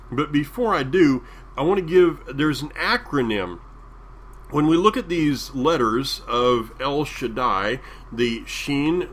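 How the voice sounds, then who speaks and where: Man, Southern US accent, sermon, slow deliberate delivery, medium pitch, faint background noise. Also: fairly bright tone. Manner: slow, deliberate emphasis with drawn-out phrases. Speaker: preacher.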